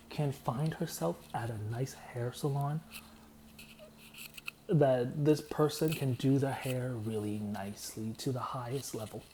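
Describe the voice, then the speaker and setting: A man telling long, meandering stories in a deadpan, repetitive way. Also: mid-range voice, a little hiss or hum. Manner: meandering, deadpan, repeats himself. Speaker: vlogger. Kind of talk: rambling storytelling monologue.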